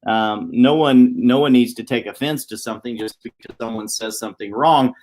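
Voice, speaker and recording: Man host, quick chatty motivational live-stream talk, mid-pitched, office setting. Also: darkish tone. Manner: fast-talking, upbeat, chatty. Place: downtown office.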